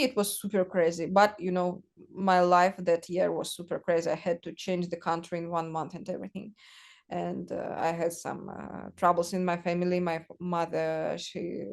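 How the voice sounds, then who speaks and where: Woman telling stories haltingly. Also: fairly low pitch, darkish tone. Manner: halting, searching for words, many fillers. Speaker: guest artist. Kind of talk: casual conversational storytelling.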